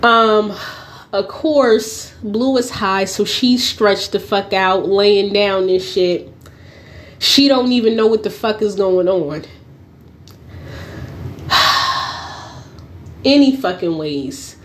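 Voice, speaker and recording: Slow-talking young woman, profane storyteller. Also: mid-range voice. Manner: profane, blunt and animated, often breaking into laughter. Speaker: podcast host. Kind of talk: casual storytelling monologue.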